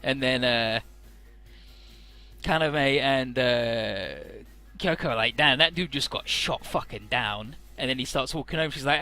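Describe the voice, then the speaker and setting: A man's voice: unhurried, pushed and bright, soft background music. A young man in casual game commentary, swearing freely and reading out character lines in playful voices. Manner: swearing, laid-back, jumps into squeaky voices for characters. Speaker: let's play commentator.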